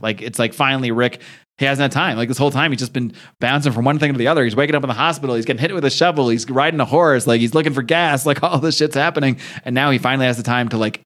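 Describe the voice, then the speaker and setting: A man's voice: medium pitch, a bit bright. Rambling, laughing podcast host guy. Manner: rambling, laughing, swears casually. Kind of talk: casual chat recapping a comic.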